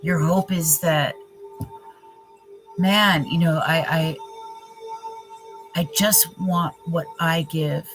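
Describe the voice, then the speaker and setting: A woman's voice: low voice, steady tone, extremely slow, long pauses, poor audio. A woman giving a live tarot reading, speaking passionately and voicing the client's feelings in the first person, with occasional swearing. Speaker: tarot reader. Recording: singing bowl music behind the voice. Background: singing bowl music.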